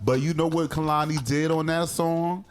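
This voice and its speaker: A man's voice: fairly high pitch, moderate pace, a little hiss or hum. A man co-hosting a casual music review podcast, talking in slang and quoting lyrics. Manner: animated, slangy, quotes lyrics. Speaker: podcast co-host.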